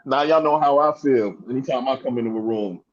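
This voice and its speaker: A man's voice: medium pitch, brisk, lo-fi sound. A man joining a casual chat, telling a laid-back joking story.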